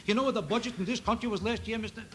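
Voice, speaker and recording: A man doing a stand-up routine on a TV variety show, needling an audience member with quick rhetorical questions. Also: sits high. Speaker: stand-up comedian. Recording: loud noise on an old TV broadcast recording.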